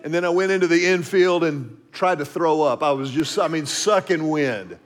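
High-voiced man telling a story. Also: normal speed, some chatter behind. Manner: vivid storyteller, drops to a hush for asides. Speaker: speaker. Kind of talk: storytelling devotional talk.

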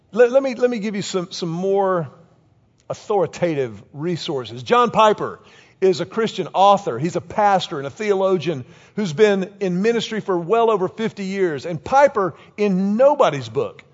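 A man in his fifties preaching with a high voice. He tells stories in an animated way and calls on the congregation to say lines back to him. The recording has a slightly dull, lo-fi sound. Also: big-room sound. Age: 50s. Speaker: pastor. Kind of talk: sermon.

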